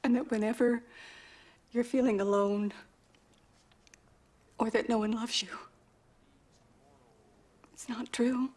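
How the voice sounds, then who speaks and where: An actress playing a mother talking to her grown son in a TV drama, soft, hesitant and emotional, sometimes half-whispered. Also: on the high side, steady tone, takes it slowly, long pauses. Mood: tender. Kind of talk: TV drama dialogue.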